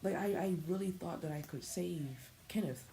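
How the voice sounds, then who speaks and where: Gravelly low-voiced woman streamer. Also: normal speed, mellow, a little hiss or hum, low-quality recording. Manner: stammering, talks to chat. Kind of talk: casual live gameplay commentary.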